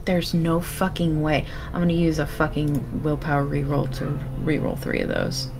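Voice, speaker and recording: Low, gravelly woman playing a tabletop game. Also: moderate pace, over music. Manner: chatty, swears, animated. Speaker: player. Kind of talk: casual tabletop game play.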